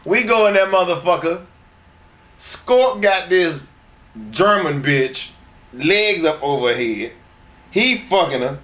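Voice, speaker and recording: Brief: male interview guest, higher voice, crude rambling stories, echoey room. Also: animated, slow pace, long pauses, fairly bright tone. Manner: crude, rambling, laughs through his stories. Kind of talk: profane shoot-interview storytelling.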